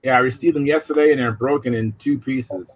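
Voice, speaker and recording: A man's voice: medium pitch, a little fast, breathy edge, dry recording, dull audio. A man hosting a casual video hangout, talking in a rambling way with many fillers over a video call. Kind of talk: casual chat.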